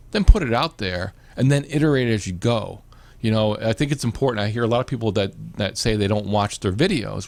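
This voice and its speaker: A gravelly, medium-pitched male host talks casually on a live video show, recorded with no room sound. He rambles, restarts often, repeats words and fills his speech with lots of "you know"s.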